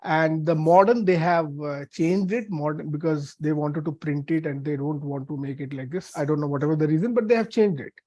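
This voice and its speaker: High-voiced man teaching scripture. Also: dark tone, no room sound. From India. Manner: halting, many fillers and restarts. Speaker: Bible teacher. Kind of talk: teaching a lesson on Hebrew letters.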